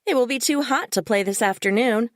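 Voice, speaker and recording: A woman reading the part of a bubbly, breezy female relative in an audiobook, brighter and quicker than her narration. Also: fairly high pitch, dry recording, studio quality, voice pushed up, natural voice.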